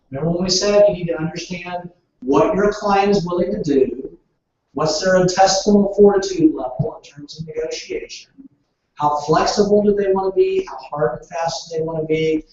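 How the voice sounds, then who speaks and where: A man's voice: high-pitched, darkish tone. A man training real estate agents in negotiation, asking the room questions and waiting for answers. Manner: asks the room questions, then waits. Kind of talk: training session talk. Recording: echoey room, distant dull mic.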